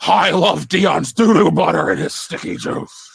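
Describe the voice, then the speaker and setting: A male horse pipes up in a slow, mock-solemn politician's drawl, pitched well above the speaker's own voice, as a man puts it on. The delivery is deliberate and stagy, with a dry, close sound. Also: gravelly, slightly rough, no room sound, exaggerated voice. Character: male horse doing a gravelly politician impression.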